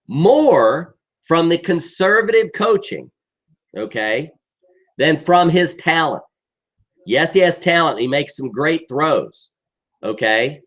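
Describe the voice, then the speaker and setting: A man's voice: a little high, a bit bright. A middle-aged man giving an exasperated, emphatic football rant, often tagging sentences with "okay?". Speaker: sports commentator.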